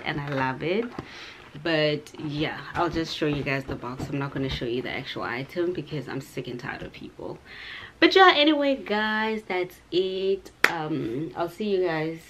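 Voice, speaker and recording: A woman's voice: low-pitched, noisy background. A young South African woman vlogging in a sassy, dramatic way, tossing in "child" and "honey". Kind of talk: casual vlog chat.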